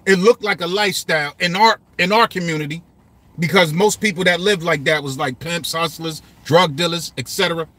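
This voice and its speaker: A man's voice: fairly high pitch, brisk, pushed and bright, no echo. A man in casual commentary, breaking down song lyrics in a loose, repetitive way with some swearing. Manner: loose and repetitive, swearing, quoting lines aloud.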